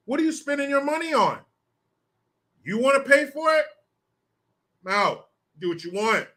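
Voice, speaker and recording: A man from the United States rants through political commentary in a high, bright, forceful voice. He is combative and sarcastic, swears freely, and fires off questions to his viewers. He reads their comments aloud between outbursts.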